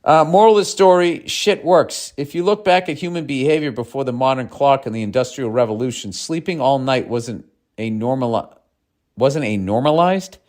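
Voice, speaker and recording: A man's voice: medium pitch, moderate pace, darkish tone. A man hosting a comedy podcast, ranting in a profane, sardonic way and reading listener mail.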